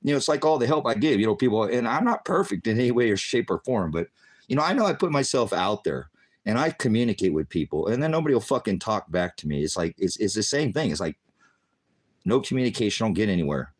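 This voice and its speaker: An older man ranting angrily to camera, swearing constantly, tired and worn out, swinging between loud outbursts and low muttering. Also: big pitch swings, quick pace. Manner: profane, bitter, swinging between shouting and muttering. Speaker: vlogger. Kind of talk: angry personal rant.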